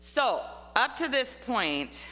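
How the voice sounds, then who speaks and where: Speaking slowly with a sharp tone and wide pitch swings, a slightly high-voiced woman tells personal stories, faint music playing behind her. She's a middle-aged Minnesotan guest artist, chatty and heavy on fillers, recorded in a church hall with long reverb.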